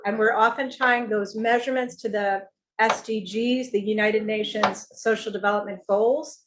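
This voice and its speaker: A woman speaking as a family office CEO on a finance panel, explaining in a measured way. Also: mid-range voice, fairly even intonation, a little hiss or hum, low-quality recording. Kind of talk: panel discussion.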